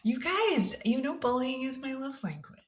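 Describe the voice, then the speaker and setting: A woman's voice: high-pitched, sing-song, normal speed, crowd noise. A woman co-hosting a leadership podcast in casual chat, teasing, laughing and swearing freely. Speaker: podcast co-host.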